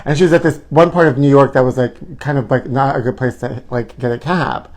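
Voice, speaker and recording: A man's voice: mid-range voice, fairly even intonation, fairly quick. A man hosting his own live stream, chatting in a campy, gossipy, theatrical way and calling his viewers honey. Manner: calls viewers honey and trashies. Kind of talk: casual live-stream chat. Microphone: own camera.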